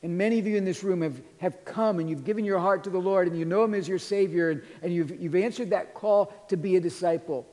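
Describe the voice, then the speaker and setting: A pastor preaching a sermon in a church, earnestly retelling scripture and quoting it in a softer voice. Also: male voice, high-pitched, fast, hardly any pauses. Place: church sanctuary. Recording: long reverb of a large hall.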